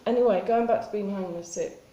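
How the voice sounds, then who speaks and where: Woman, vlogger, mellow low-toned voice, unscripted confessional, halting, rambling, echoey room. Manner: halting, rambling, many restarts. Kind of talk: spontaneous confessional vlog.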